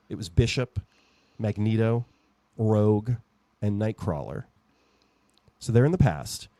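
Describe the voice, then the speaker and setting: A man's voice: lowish voice, mellow, dry recording. A man hosting a podcast, chatting in a rambling, jokey way. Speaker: podcast host. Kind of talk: casual podcast chat.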